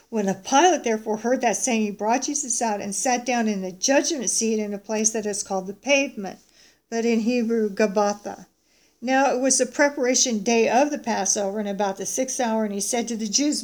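A woman reading a Bible passage aloud and adding her own commentary. She slows down and stresses the quoted lines, and corrects herself in her asides. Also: a little high. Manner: slow, emphatic reading of quoted speech; pauses to self-correct in asides. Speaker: Bible teacher.

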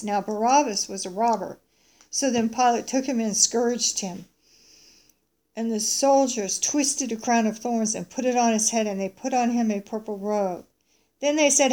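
A woman reading a Bible passage aloud and adding her own commentary. She slows down and stresses the quoted lines, and corrects herself in her asides. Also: fairly high pitch, a little mellow. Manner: slow, emphatic reading of quoted speech; pauses to self-correct in asides. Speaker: Bible teacher.

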